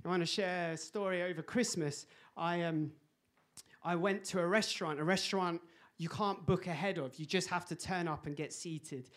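A man preaching a sermon, telling a personal story in an animated, laughing way. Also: high-pitched, normal speed. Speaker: pastor.

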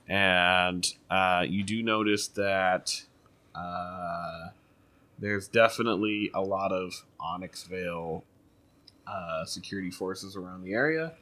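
Male game master, rambling casual narration, bright lower voice. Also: takes it slowly. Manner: loose, rambling narration with fillers.

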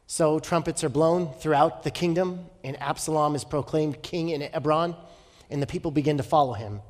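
Male pastor, high voice, story-driven sermon with rhetorical questions; long reverb of a big hall. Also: moderate pace. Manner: storytelling, rhetorical questions, shifts from loud to hushed.

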